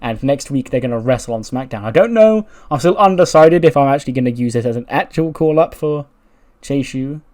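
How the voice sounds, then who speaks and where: A man's voice: mid-range voice, lively intonation, a little fast, a little mellow. Chatty man narrating a game. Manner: chatty, laughs often. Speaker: game commentator. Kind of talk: casual let's-play narration.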